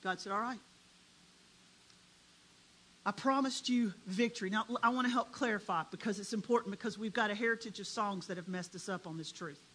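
A preacher delivering a dramatic sermon, swinging between hushed and loud. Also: mid-range voice, quick pace, hardly any pauses, a little hiss or hum, low-quality recording.

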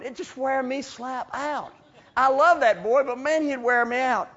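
A man preaching a sermon, telling stories in a folksy, animated way with chuckles. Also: very high voice, unhurried. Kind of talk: storytelling sermon. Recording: dull lo-fi recording.

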